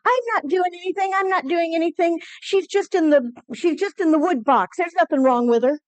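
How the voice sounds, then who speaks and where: A woman voicing a young boy who insists he is doing nothing wrong, high and defensive. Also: brisk, no echo. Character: young boy protesting his innocence.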